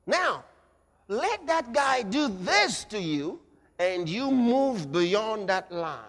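A man delivers a fiery sermon in a high, lively voice that leaps from shouts to near-hushed asides. His tone is bright and forceful. The sound carries the long reverb of a large church hall. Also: takes it slowly. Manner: dramatic, shifts between shouting and low intensity. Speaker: preacher.

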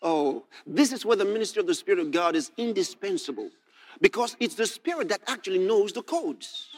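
Animated preacher with a lively high voice. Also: male voice, fairly quick. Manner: animated, rising to shouts when reading scripture. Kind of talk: sermon.

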